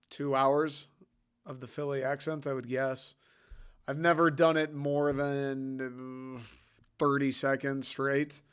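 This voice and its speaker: A man's voice: mid-range voice, clean tone. A young man from Michigan hosting a solo podcast, rambling in an offhand, casual way and swearing freely. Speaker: podcast host.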